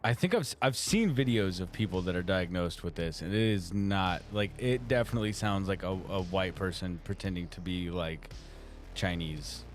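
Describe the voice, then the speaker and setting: A fairly low-voiced man chats loosely on a live stream, reading viewer comments out and breaking into laughter often. Faint music plays behind him. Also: normal speed. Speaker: co-host reading chat on a live art stream. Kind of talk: casual stream chat.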